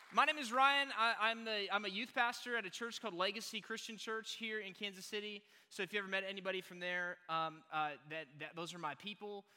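A man preaches a casual sermon as a youth pastor, rambling with fillers and quick jokes. His voice sits high and rings very bright. The sound carries a long hall reverb. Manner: chatty, joking, many fillers and restarts. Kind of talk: casual sermon to a live audience.

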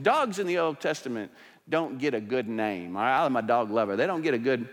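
A man preaching a sermon as pastor, emphatic, swinging between rising intensity and quiet asides. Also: mid-range voice, lively intonation, fairly quick, big-room sound.

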